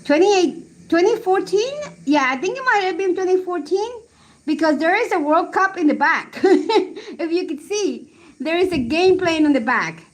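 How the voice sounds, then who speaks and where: A woman's voice: very high-pitched, expressive, normal speed. A woman in her forties from Colombia, a livestream host chatting casually, laughing often and reminiscing while she reads the live chat.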